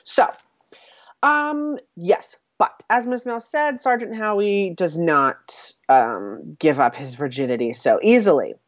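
A woman's voice: fairly low pitch, expressive, slow, dry recording. A woman co-hosting a casual chat, recapping a film with lots of fillers and laughter. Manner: chatty, with many fillers and laughs. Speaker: podcast co-host. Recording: dull, lo-fi sound.

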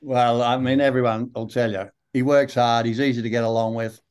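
Broad Australian older man, smooth voice. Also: medium pitch, fairly even intonation, a little mellow. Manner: unhurried, rambling storyteller with many fillers. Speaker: actor guest. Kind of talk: relaxed interview anecdotes.

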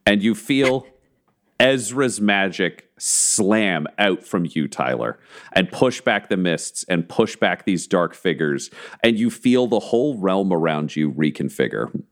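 Deep, theatrical game master man. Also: lively intonation. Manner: slow, building, theatrical storytelling. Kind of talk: dramatic tabletop narration.

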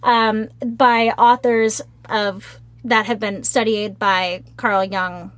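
A woman's voice: medium pitch, level tone, takes it slowly, fairly bright tone, no room sound. A woman co-hosting a casual podcast discussion, earnest, reading from her notes with restarts. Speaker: podcast co-host.

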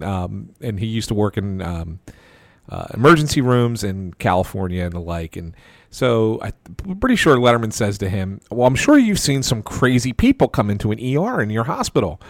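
Man telling a lively story, dry sound. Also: on the low side, no room sound. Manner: animated anecdote-telling with many restarts and quoted voices. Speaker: podcast host. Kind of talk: casual storytelling.

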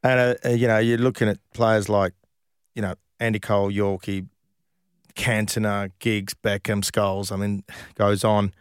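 Laid-back man, low voice. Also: little pitch movement, normal speed, clean tone, no room sound, clean studio sound. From Australia. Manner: chatty, laughs while telling stories. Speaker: former professional footballer, guest. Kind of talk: casual interview storytelling.

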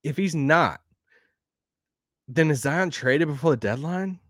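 Animated Southern man talking sports. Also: fairly high pitch, takes it slowly, no room sound, studio quality. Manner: rambling, animated, laughs often. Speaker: podcast host. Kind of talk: casual sports talk.

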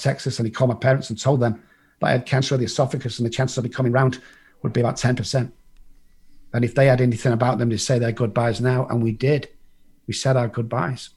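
Bluntly and casually, a middle-aged Englishman recounts his life story, cursing freely and performing other people's lines as he goes. His pitch sits in an ordinary middle range, and his voice has a husky edge and is a little mellow.

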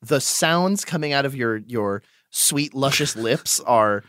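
A man's voice: mid-range voice, lively intonation, takes it slowly, a bit bright, dry recording. Crude joking man, dry close mic. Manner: crude, jokey, swears freely. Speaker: player. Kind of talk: casual tabletop podcast chat.

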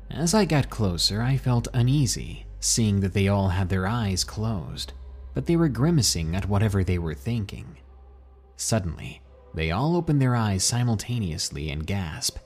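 A man narrating a scary first-person story for a podcast in a measured, suspenseful way. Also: fairly low pitch, breathy edge. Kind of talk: scripted horror narration. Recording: soft music behind.

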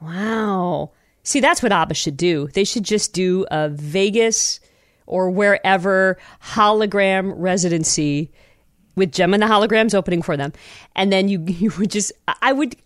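A woman co-hosting a casual podcast chat, animated and rambling, often breaking into laughter. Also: medium pitch, unhurried, no echo, clean studio sound. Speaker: podcast co-host.

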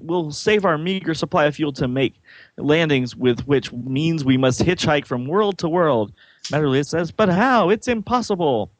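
A man's voice: medium pitch, no room sound. A man casually reading comic-book dialogue aloud, adding joking asides and laughing often.

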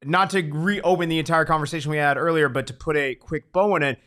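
A podcast co-host with a somewhat high, slightly bright voice keeps a brisk pace in a casual soccer preview chat. He talks conversationally, steering the topics along with plenty of fillers and agreement.

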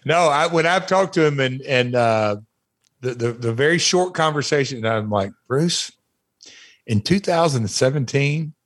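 A man co-hosting a podcast, telling old stories in a rambling, halting way with many fillers and restarts. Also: mid-range voice, lively intonation. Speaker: podcast co-host, former wrestler. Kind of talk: casual storytelling chat.

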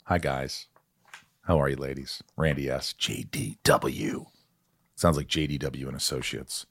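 A man hosting a podcast, talking in a very low, deep voice with a playful, joking manner as he rattles off names. The sound is dry and close, with no room echo. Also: fairly even intonation, unhurried, fairly bright tone. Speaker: podcast host. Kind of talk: casual chat.

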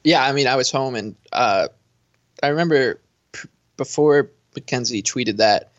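A man co-hosting a casual sports chat, telling his story in a rambling, self-interrupting way. His voice sits at a middle pitch, and the recording sounds muffled and lo-fi. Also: measured pace. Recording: dull lo-fi sound.

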